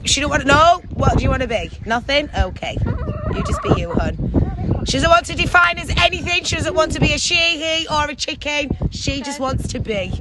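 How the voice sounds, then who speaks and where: A woman with a high voice talks in a playful, chatty way, cooing and teasing her pet chicken as she walks. She is outdoors, and heavy wind blasts across the mic the whole time. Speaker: pet owner. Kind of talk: casual outdoor vlog chat.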